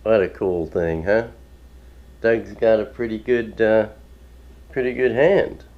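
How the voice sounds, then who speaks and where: A man's voice: on the low side, slow pace, vocal fry, dull audio. A man hosting his own video, chatting casually and rambling with chuckles and many fillers. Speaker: ministry video host. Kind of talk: casual home video chat.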